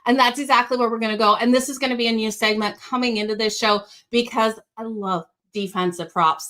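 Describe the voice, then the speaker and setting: A woman's voice: on the high side, steady tone, brisk, hardly any pauses, pushed and bright. A woman with a slight Australian accent hosting a sports betting show, giving upbeat picks and talking straight to viewers. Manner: upbeat, addresses viewers directly.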